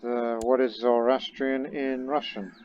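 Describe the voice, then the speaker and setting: Thinking out loud while he plays a strategy game, a let's-play gamer offers loose, rambling commentary in a steady, mid-range voice at a measured pace. The audio is dull and lo-fi, with faint game music and slight background noise.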